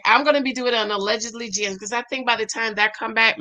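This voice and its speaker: High, bright-voiced tired woman host. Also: a little fast, hardly any pauses. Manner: chatty, laughs often, talks to viewers as "babes" and "y'all". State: tired, winding down for bed. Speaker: YouTube host reading live chat. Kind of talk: casual live-stream chat.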